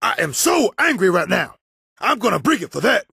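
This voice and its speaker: A man voicing a rowdy tough-guy brawler who shouts taunts in street slang and speaks of himself in the third person. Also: high-pitched, very animated, brisk, no room sound, studio quality, exaggerated voice. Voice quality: gravelly.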